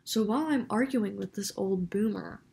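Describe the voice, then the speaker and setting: A woman's voice: medium pitch, moderate pace, creaky. Young woman telling a dramatic story. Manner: animated, dramatic retelling with quoted dialogue. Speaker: vlogger. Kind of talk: storytime vlog.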